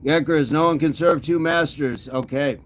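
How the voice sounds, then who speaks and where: A man's voice: fairly high pitch, steady tone, normal speed, slight background noise. A man hosting a fitness livestream, casually teasing and chatting with his viewers. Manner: playful teasing banter, reads and answers chat. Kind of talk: casual live chat with viewers.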